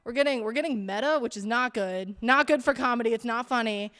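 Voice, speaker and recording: A woman's voice: a little high, a little fast, fairly bright tone. A young woman performing a stand-up set on a theater stage with a handheld mic, chatty and self-deprecating, full of "like". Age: young adult. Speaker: student stand-up comedian. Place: theater stage, tiny live audience. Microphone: handheld stage microphone. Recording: long reverb of a theater hall.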